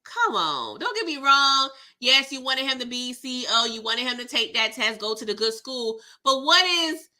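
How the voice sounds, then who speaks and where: A woman's voice: sits high, big pitch swings, moderate pace, hardly any pauses, pushed and bright. A woman hosting a casual live recap of a TV episode, talking in a sassy, slangy, exasperated way. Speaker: TV recap host.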